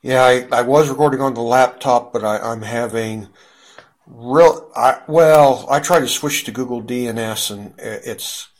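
A man's voice: mid-range voice, unhurried. A man hosting a casual group chat, rambling with many fillers and restarts.

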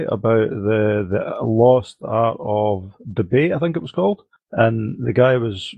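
Gravelly, husky man chatting. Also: medium pitch, dry recording, narrow, tinny audio. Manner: rambling, self-interrupting with ums. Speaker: podcast co-host. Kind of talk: casual chat.

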